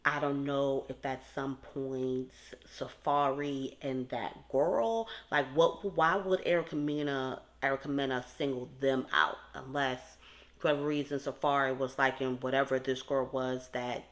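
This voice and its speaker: A woman talks her viewers through a reality TV episode in a loose, rambling recap. Her voice sits low and deep. She wanders off into asides and speaks straight to her audience. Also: fairly even intonation, measured pace. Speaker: TV recap commentator. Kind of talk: casual commentary addressed to viewers.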